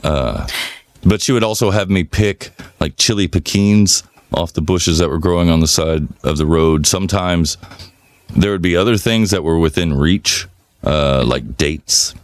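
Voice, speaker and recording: A man with a very low voice co-hosts a casual podcast. He spins long, loose stories and swears freely. The sound is dry and close to the mic. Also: unhurried, no room sound. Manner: relaxed rambling storyteller, swears freely. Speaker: podcast co-host. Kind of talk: casual chat, storytelling.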